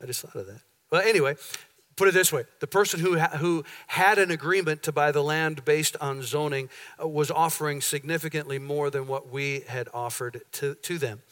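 A man's voice: a little high, moderate pace. A pastor in a church sanctuary, telling a long story to his congregation in a conversational way, acting out the dialogue as he goes. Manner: conversational, animated retelling with quoted dialogue. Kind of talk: sermon storytelling.

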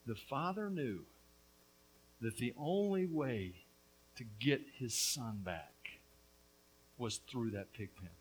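A middle-aged man preaching a lively, joking sermon, with quick asides to the congregation. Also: mid-range voice, breathy edge, rough recording. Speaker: pastor.

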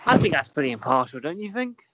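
A man co-hosting a casual chat who talks quickly, stammers into restarts and trails off softly. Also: a little high, very animated, no echo. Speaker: podcast co-host. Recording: slightly dull lo-fi sound.

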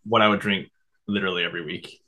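Deep-voiced man, relaxed podcast guest. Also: fast talker. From New England. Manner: relaxed, brief remarks. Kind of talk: casual chat.

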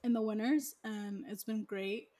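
A woman's voice: mid-range voice, unhurried, warm tone. A woman chatting casually, rambling with lots of "like" and "you know". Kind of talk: casual chat.

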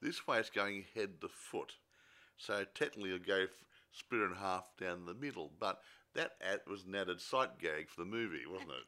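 A man's voice: deep voice, normal speed, bright, forceful tone. A man chatting casually about a movie, rambling and joking with many restarts.

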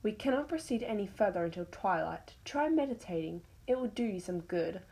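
A woman voicing a calm, stern wolf mentor. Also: medium pitch, lightly acted, rough recording. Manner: measured, instructive.

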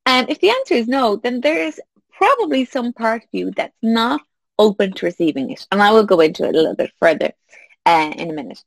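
A woman's voice: on the high side, brisk, gravelly, dry recording. A woman, talking casually to listeners as a business coach and acting out little quoted exchanges. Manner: animated, acts out little quoted exchanges with laughs.

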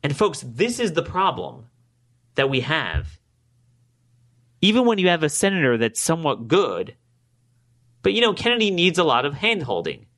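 A man hosting his own political podcast, talking alone to his listeners, growing emphatic and climbing higher when he gets indignant, and acting out both sides of past conversations. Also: wildly swooping pitch, moderate pace, long pauses, a bit bright. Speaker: podcast host. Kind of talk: political commentary monologue.

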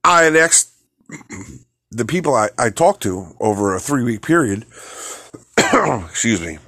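A male podcast host rants heatedly and profanely about politics, frequently repeating words and restarting sentences. His voice is mid-range with a fairly bright tone, recorded clean in a studio with no room sound.

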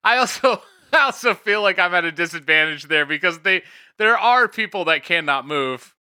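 A man co-hosting a podcast in loose, jokey banter, laughing between lines. His voice is very bright and smooth, a bit higher than most men's. It sounds close and dry on a podcast mic. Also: lively intonation, moderate pace, dry recording. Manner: laughs often, jokey and playful. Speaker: podcast co-host. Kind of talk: casual comedic chat. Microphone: studio podcast mic.

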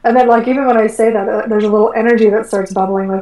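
Woman guest chatting, kinda high voice, lots of likes and ums, echoey and far from the mic. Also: racing. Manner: animated storytelling, acts out her own quotes, many fillers like "like" and "um". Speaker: guest, energy work coach. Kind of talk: casual conversational interview.

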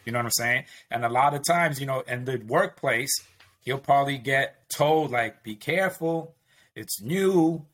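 A man in casual conversation, telling stories and acting out what people said with emphatic, lively delivery. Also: mid-range voice, moderate pace. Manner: emphatic storytelling with acted quotes. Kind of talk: casual chat.

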